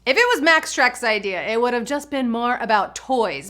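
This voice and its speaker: A woman's voice: on the high side, expressive, moderate pace, hardly any pauses, a bit bright. A woman hosting a live trivia game, chatty and bubbly, laughing often. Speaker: trivia game show host.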